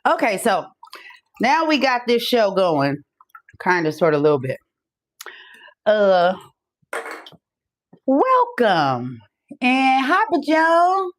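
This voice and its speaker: Her pitch is fairly high and swoops wildly, and she talks slowly with frequent pauses. She's a breathless woman in her forties hosting a loose live-stream podcast chat, quick to swear and laugh.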